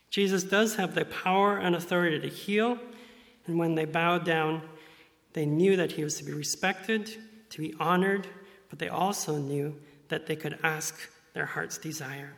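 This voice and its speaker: Earnest male preacher, slightly high-pitched, reverberant hall. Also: normal speed. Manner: earnest, acts out quoted voices in bursts. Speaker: pastor. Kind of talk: sermon.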